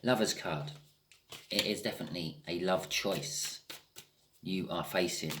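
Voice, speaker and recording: A man's voice: deep voice, a little slow, background noise. A man giving a casual tarot reading, thinking aloud with frequent restarts and the odd swear word. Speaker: tarot reader.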